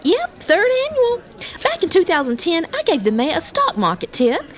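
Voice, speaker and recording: A woman's voice: extremely high pitch, wildly swooping pitch, moderate pace. A woman acting as a vain, chatty sports correspondent in a comedy radio sketch.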